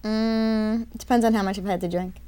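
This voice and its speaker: A woman in her twenties co-hosting a late-night show, trading flirty deadpan quips. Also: medium pitch, fairly quick, clean tone. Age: 20s. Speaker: co-host. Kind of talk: casual banter.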